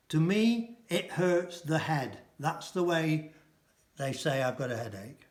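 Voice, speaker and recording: A man teaching a casual language lesson, repeating each phrase slowly and translating it. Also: on the high side, big pitch swings, echoey room. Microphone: camera mic.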